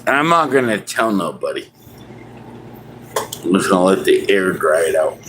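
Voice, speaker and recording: A man's voice: low voice, very animated, moderate pace, fairly bright tone, slight background noise, low-quality recording. A man livestreaming casually, rambling and joking crudely while talking to his cat.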